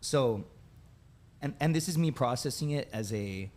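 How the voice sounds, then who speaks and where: Thirties man, podcast guest, mid-range voice, lively and informal delivery. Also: medium pitch, measured pace. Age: 30s. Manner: animated, says "dude" and "right?" often. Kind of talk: casual storytelling.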